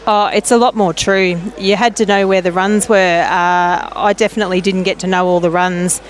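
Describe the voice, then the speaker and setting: A woman, a relaxed and friendly guest commentator chatting about lawn bowls outdoors at a club. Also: on the low side, moderate pace. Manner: relaxed and friendly, laughs easily. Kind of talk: casual commentary chat.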